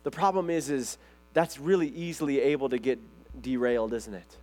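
A man's voice: medium pitch, normal speed. A man preaching a sermon in a loose, conversational way, telling stories with lots of fillers and restarts. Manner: conversational storytelling, lively retelling. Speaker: pastor.

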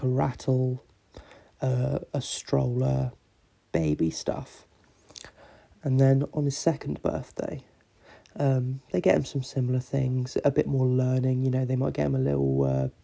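A man's voice: mid-range voice, creaky, mellow. A man hosting a podcast, telling a long joke in a rambling, casual way full of fillers. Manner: rambling, filler-heavy storytelling. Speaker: podcast host.

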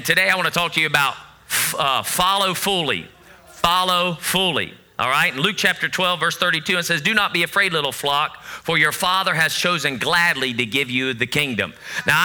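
Male preacher with a high, very bright voice, hammers his points with repetition. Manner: emphatic, repeats phrases for effect; acts out voices of God and of begging believers. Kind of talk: sermon.

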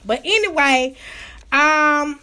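Loud, profane woman storyteller. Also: sits high, takes it slowly. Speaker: radio show host. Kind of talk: casual storytelling monologue.

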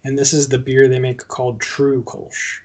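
A man hosting a casual podcast about beer, easygoing and quick to laugh. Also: mid-range voice, completely flat delivery, a little mellow. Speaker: podcast host. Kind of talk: casual chat.

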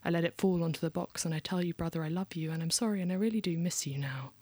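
A woman with a southern English RP accent from London performing dark spoken word poetry, dropping some lines to a hushed whisper. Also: lowish voice, quick pace, no room sound. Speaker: poet, guest.

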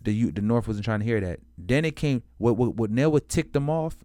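A man's voice: medium pitch, expressive, fairly quick, warm tone, no echo, studio quality. A man explaining history in a casual, slangy way, swearing freely and stumbling over restarts, and acting out both sides of the story in quoted voices. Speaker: history commentator.

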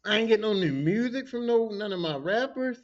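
High-pitched profane storytelling man. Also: brisk, highs cut off. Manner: profane, animated, acts out coworkers' voices. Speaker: podcast host. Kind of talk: casual storytelling monologue.

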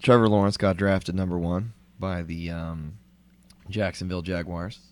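A man's voice: deep voice, fairly even intonation, moderate pace, darkish tone, no room sound. A man hosting a casual sports talk show, laid-back and chatty, filling his talk with "like". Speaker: show host.

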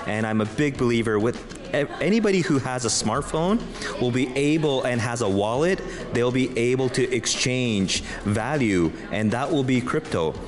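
A man's voice: medium pitch, expressive, moderate pace, crowd noise. A man answering an interview question in an earnest, emphatic way. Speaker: interviewee at a crypto event. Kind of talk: interview answer played as a clip. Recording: noisy event recording.

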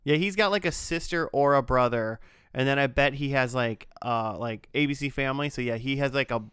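A man from Minnesota talking casually on a podcast, joking and rambling through his points. His voice is smooth and clear. The sound is dry and close to the mic. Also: medium pitch, fairly quick, a bit bright, no echo. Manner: joking, rambling with many fillers. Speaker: podcast co-host. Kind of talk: casual chat.

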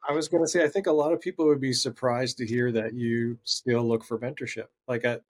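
Relaxed male podcast co-host. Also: mid-range voice, fairly quick. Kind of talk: casual interview chat.

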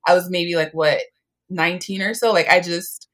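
A woman's voice: on the low side, steady tone, normal speed, a bit bright. A woman in her twenties telling a personal story in casual chat, full of fillers and acted-out quotes. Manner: chatty, lots of "like", acts out quotes.

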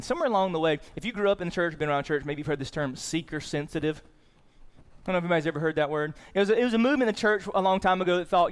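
A male pastor preaching a sermon in an animated way, swinging into loud excited bursts and repeating words as he restarts. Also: a little high.

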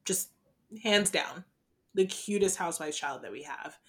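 A woman's voice: lowish voice, a little slow, fairly bright tone. A woman co-hosting a podcast in casual chat, gushing and laughing often. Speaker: podcast co-host.

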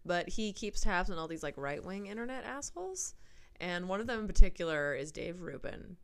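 A woman's voice: on the low side, big pitch swings, fairly quick, smooth. A young woman co-hosting a podcast, telling film and internet stories in casual, chatty talk. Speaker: podcast co-host. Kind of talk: casual chat recapping a film.

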